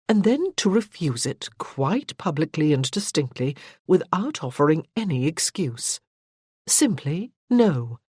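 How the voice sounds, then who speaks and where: An audiobook narrator reading a period romance in a measured, even storytelling voice. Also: mid-range voice, husky, no echo, studio quality. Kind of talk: scripted narration.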